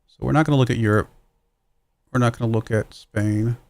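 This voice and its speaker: Male streamer, mid pitch, gravelly, close dry sound, musing aloud through his game. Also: brisk, a little mellow, no room sound. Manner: musing aloud, self-deprecating, chuckles at own mistakes. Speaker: streamer playing a football management game. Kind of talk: casual livestream commentary.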